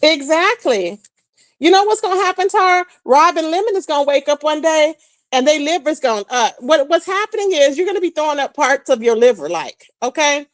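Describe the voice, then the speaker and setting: On her casual livestream, a woman spills gossip at a brisk clip, her high voice bouncing with lively attitude as she addresses chat viewers directly. There's no room sound.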